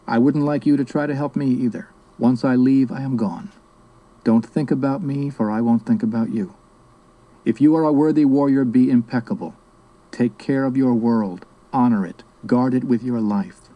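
A man voicing an old male sorcerer teacher who speaks calmly and firmly. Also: mid-range voice, lo-fi sound, natural voice. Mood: solemn. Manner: calm, measured, quietly firm.

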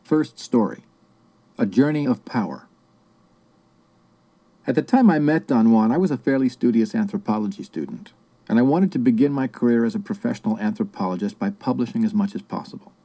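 A man giving a measured, reflective first-person audiobook narration. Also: mid-range voice, dark tone.

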